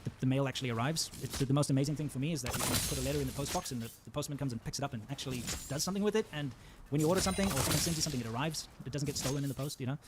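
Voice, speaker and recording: A man's voice: mid-range voice, very fast, hardly any pauses, very noisy. A man from Africa, rambling through an opinion monologue full of ums and side tracks. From South Africa. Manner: rambling and digressive, many ums. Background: loud metal music.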